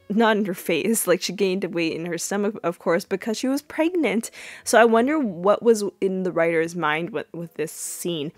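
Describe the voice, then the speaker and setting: A woman hosting a podcast, casually recapping a TV episode with many fillers and sudden high-pitched acted-out quotes. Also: no room sound. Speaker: podcast host.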